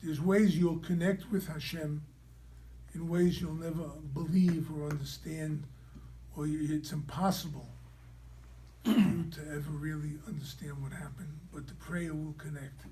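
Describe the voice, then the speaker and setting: A man, a rabbi, teaching a class through an animated personal story and checking in with his listeners. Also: fairly high pitch, unhurried. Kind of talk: storytelling lecture.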